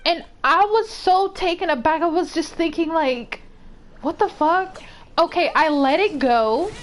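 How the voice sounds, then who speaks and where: High-voiced animated woman streamer. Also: moderate pace. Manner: animated, profane, rising to heated outbursts. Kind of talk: casual storytime while gaming. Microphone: desk microphone.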